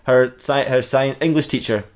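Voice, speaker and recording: A man's voice: medium pitch, fairly even intonation, normal speed. Man improvising a comedy tale, rambling, laughs a lot, self-corrections. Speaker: storyteller. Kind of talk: improvised comic storytelling.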